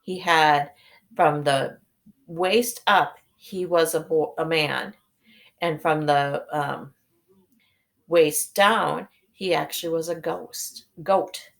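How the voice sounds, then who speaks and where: A woman teacher reading a chapter book aloud to her students and pausing to explain. Her voice is fairly low with a gravelly edge, and she talks slowly and hesitantly, correcting herself often. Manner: hesitant, with many fillers and self-corrections. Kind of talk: reading a novel aloud to a class.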